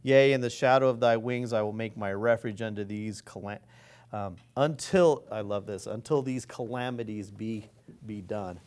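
A man's voice: fairly low pitch, normal speed, darkish tone. Man, informal lay preacher, earnest, rambling delivery with frequent restarts. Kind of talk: informal sermon.

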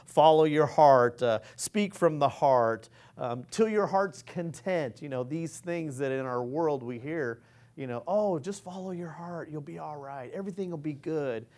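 A man's voice: a little high, unhurried, darkish tone. A man giving an informal, earnest sermon, rambling and restarting his sentences as he goes. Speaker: preacher.

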